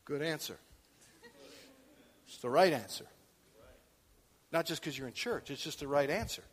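A man preaching a sermon in church, swinging from quiet talk to loud shouting. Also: on the high side, normal speed, breathy edge, long reverb tail. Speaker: pastor.

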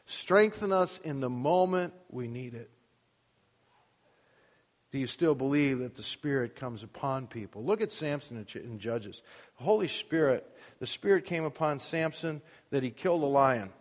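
A man's voice: medium pitch, moderate pace. Preaching man in a reverberant hall. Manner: preaching with rising emphasis and rhetorical questions. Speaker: pastor. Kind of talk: sermon. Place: church with a sound booth.

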